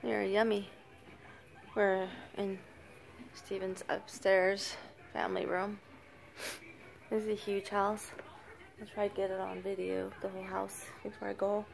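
An older woman, a grandmother babysitting, softly narrating a home video in an upstairs family room, often dropping to a whisper and coaxing the little ones. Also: mid-range voice, flat delivery, unhurried, vocal fry, long pauses. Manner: soft-spoken, often hushed to a whisper; coaxing, praising grandmotherly baby talk. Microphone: handheld phone camera.

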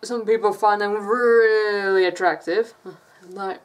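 A woman's voice: medium pitch, fairly even intonation, slow. A woman from England with an English accent, chatting casually in a rambling vlog and laughing often. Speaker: vlogger.

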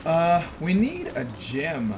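A young man streaming a game, talking to himself in bursts that swing from loud yelps to low mutters. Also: huge pitch swings, slow pace, noisy background. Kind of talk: gaming commentary. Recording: game music underneath. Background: game music.

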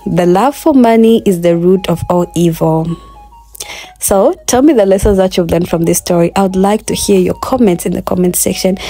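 A woman's voice: mid-range voice, warm tone. A woman narrating a first-person moral folktale, speaking in an earnest, moralizing way. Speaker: storyteller.

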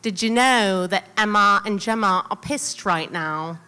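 A woman's voice: medium pitch, unhurried, pushed and bright, smooth. A woman voicing a gossipy teenage schoolgirl. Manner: confiding, gossiping.

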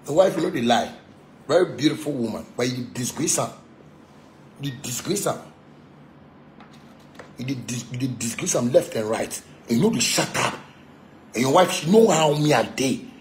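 A man's voice: medium pitch, animated, moderate pace, long pauses, slight background noise. A man from Ghana with a Ghanaian Pidgin English accent, a musician ranting in a boastful, taunting, profane monologue that keeps repeating its points. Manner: repetitive, insistent.

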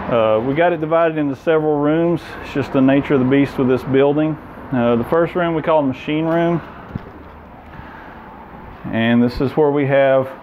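A man giving a relaxed, plain-spoken tour of his indoor workshop, pointing out machines and tools. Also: medium pitch, muffled recording, a little hiss or hum. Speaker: shop owner giving a tour. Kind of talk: casual walkthrough tour.

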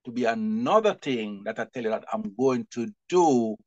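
A middle-aged man, a publisher and bookseller, telling stories in an animated, expressive way during an interview and often laughing. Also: medium pitch, normal speed, no room sound, highs cut off.

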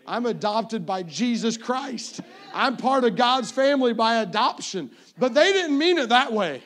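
Evangelist, male, 50s: high voice, playful self-mocking pulpit storyteller. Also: sing-song, unhurried, a bit bright. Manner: playful, self-mocking storyteller who often repeats his first word. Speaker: evangelist preacher. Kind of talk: sermon with humorous family stories.

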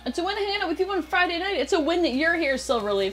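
A woman's voice: extremely high pitch, big pitch swings, fast, a bit bright, soft background music. A woman co-hosting a cooking livestream, chatting casually and cheerfully thanking viewers. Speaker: cooking stream co-host. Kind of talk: casual chat while livestreaming.

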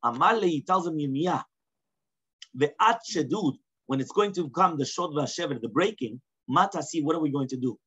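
A man's voice: fairly high pitch, expressive, normal speed, fairly bright tone, slightly rough. A man teaching a casual Talmud class. He reads Aramaic lines and then explains them in plain English, often checking in with "right?". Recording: dull lo-fi class recording.

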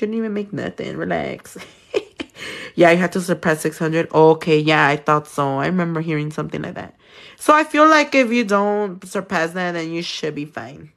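A woman's voice: low-pitched, vocal fry, fairly bright tone. Chatty, swearing woman streaming nails. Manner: chatty and swearing, answers viewer comments while working. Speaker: nail artist streaming live. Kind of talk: casual live-stream chat. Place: home nail studio.

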